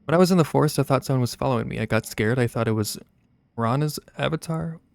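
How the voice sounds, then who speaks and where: A man voicing a small frightened boy, reading game dialogue aloud with a gravelly voice. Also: mid-range voice, fast, darkish tone, no room sound, close to an everyday voice. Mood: anxious.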